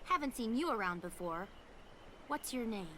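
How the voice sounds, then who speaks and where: An actress playing a brisk, bossy young woman officer of a town watch in a video game, teasing and stern. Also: fairly high pitch, animated, fairly bright tone, slight background noise. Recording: game audio with music behind.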